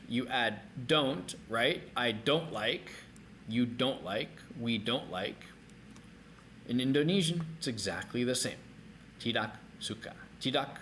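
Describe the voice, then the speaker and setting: Upbeat guy teaching a language class, mid-pitched voice, bit of faint noise behind. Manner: upbeat, animated explaining. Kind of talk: language lesson.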